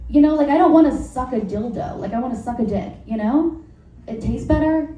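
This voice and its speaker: Woman, stand-up comic, mellow slightly high voice, rambling and frank, echoey live room. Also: a little fast. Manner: rambling, self-interrupting, laughs at own jokes; frank, crude, filler-heavy. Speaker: stand-up comedian. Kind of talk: stand-up set, work in progress. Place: live comedy venue with audience. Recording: roomy, distant live recording with faint noise.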